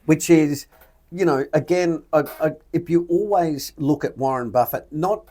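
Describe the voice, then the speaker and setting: A man's voice: fairly high pitch, a little slow, dark tone. A middle-aged man with an Australian accent, co-hosting a podcast in casual, blunt chat that slips in mild swearing. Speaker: podcast host.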